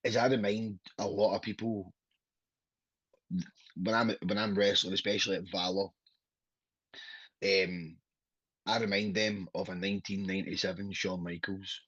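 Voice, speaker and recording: Husky Scottish man, blunt and sweary. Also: deep voice, little pitch movement, normal speed, pauses often, fairly bright tone, no room sound, muffled recording. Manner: blunt, sweary, laughing storyteller. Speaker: wrestler guest. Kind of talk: casual podcast chat.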